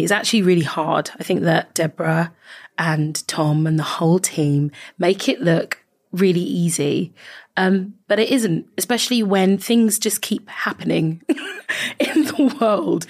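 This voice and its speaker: Low-voiced woman musing with a laugh. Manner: warm reflective chat, often laughing. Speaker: guest. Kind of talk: casual recorded message.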